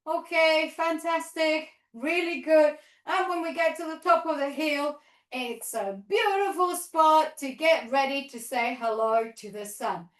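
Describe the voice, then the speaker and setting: High-pitched lady leading kids yoga, playful singsong cues and woofs, echoey room. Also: a little slow. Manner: playful sing-song cues with barking and animal noises; encouraging step-by-step instruction. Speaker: children's yoga teacher. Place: yoga studio or hall.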